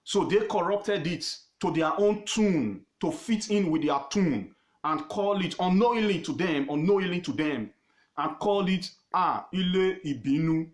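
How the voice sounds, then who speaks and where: A man with a Nigerian accent teaching history informally on his own page, emphatic and repetitive, pausing often with fillers. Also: high-pitched, lively intonation, roomy sound. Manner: emphatic, repeats words, pauses with fillers.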